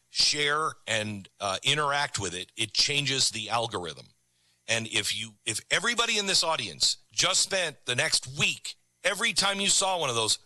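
A man's voice: medium pitch, pushed and bright, no room sound. A man hosting a show, delivering an emphatic monologue and urging the audience. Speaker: host.

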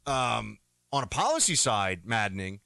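A man's voice: mid-range voice, very animated, normal speed, gravelly, bright, forceful tone, dry recording. A man co-hosting a talk radio show, delivering heated, emphatic and mocking commentary.

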